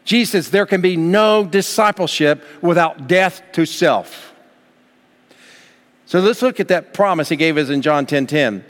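A man's voice: fairly high pitch, unhurried. Preaching man in a reverberant church. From United States. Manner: preaching, rising to fervent emphasis. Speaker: pastor. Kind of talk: sermon. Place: church sanctuary. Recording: long hall reverb.

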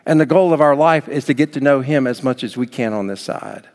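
A man preaching a sermon as pastor, swinging from soft, low passages up to near shouts. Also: fairly quick. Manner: dynamic preaching, rising to near shouts then dropping soft. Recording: long hall reverb.

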